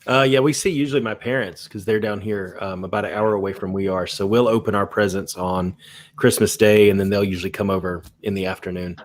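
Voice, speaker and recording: A man's voice: lowish voice, steady tone, brisk. An American man co-hosting a podcast, easygoing, with short replies and fillers. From United States. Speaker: podcast co-host. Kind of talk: casual chat.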